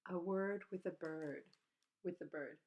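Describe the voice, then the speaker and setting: A woman teaching at an outdoor school, reading a bird picture book aloud and chatting about the birds, breaking into high bird calls and hushed whispers. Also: unhurried, muffled recording, very noisy. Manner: shifts to hushed whisper for quiet parts.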